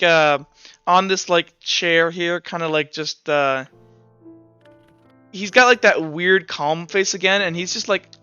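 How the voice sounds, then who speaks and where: A man's voice: on the high side, pushed and bright, smooth, lo-fi sound. A man narrating as game master of a tabletop game, rambling with lots of fillers and restarts.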